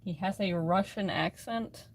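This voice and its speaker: A woman's voice: lowish voice, measured pace, a little hiss or hum. A woman chatting casually on a live stream, rambling and laughing at herself, recorded on a phone. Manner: rambling, self-mocking, often laughing.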